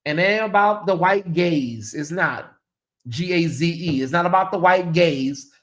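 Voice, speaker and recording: A man hosting a casual livestream, sassy and animated, often mimicking voices. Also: fairly high pitch, a little slow. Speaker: host.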